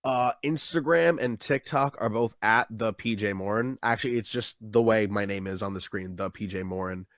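A man's voice: normal speed, hardly any pauses, dry recording, clean studio sound. A young man, a stand-up comedian, chatting casually in an interview and acting out what people say to him. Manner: animated, acts out quotes with jumps in pitch.

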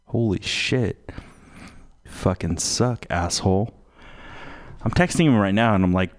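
A man hosting a live community radio show, rambling slowly and swearing freely between music. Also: deep voice. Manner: profane, slow and meandering. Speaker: radio host.

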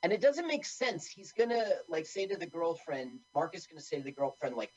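A woman's voice: lowish voice, sing-song, brisk, few pauses, darkish tone, husky, dull audio. A woman co-hosting a radio show, recounting a movie plot in a matter-of-fact, critical way. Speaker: radio co-host. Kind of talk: casual film-talk chat.

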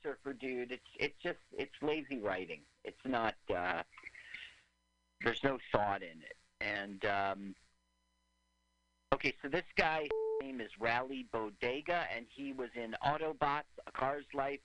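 A man's voice: mid-range voice, measured pace, bright, forceful tone, rough recording. A man co-hosting a radio podcast, chatting casually and with opinions about a movie they are watching, laughing often. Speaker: podcast co-host. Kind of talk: casual movie riffing chat.

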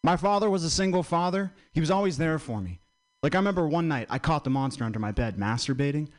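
A man's voice: fairly high pitch, expressive, quick pace. A man doing stand-up one-liners with a bouncy delivery. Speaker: stand-up comedian.

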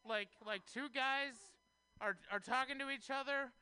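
A man doing a stand-up comedy set on a radio show, delivering jokes in a deliberate, deadpan way. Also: very high-pitched, smooth, no echo.

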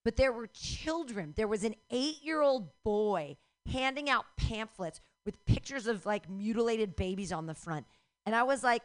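A middle-aged woman doing a stand-up comedy set, ranting profanely and breaking into shouts. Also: a little high, animated, unhurried.

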